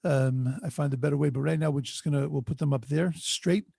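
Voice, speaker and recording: A man teaching a Torah class as a rabbi, his voice gravelly and a little husky, pitched somewhat high. He talks earnestly and stretches his phrases, dropping Hebrew and Yiddish words along the way. The sound is dry and close, as over a video call. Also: steady tone, a little fast, dark tone, no room sound. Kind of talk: storytelling Torah lesson. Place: home online video call. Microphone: video call microphone.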